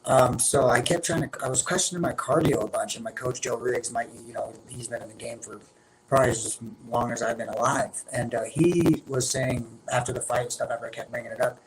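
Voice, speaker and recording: A man's voice: mid-range voice, a little fast. Man in his thirties, fighter guest, rambling, noisy line behind his voice. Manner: rambling, restarts often. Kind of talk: casual interview.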